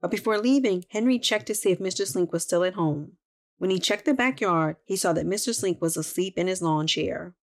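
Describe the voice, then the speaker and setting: A woman hosting a children's podcast and narrating a story in an expressive read-aloud style. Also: on the low side, a little fast.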